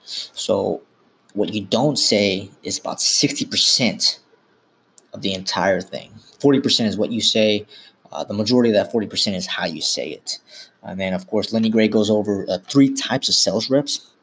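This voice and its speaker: A man's voice: fairly low pitch, moderate pace, fairly bright tone, a little hiss or hum. A man hosting a podcast, talking informally and instructively in a casual monologue, often correcting himself mid-sentence. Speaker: podcast host.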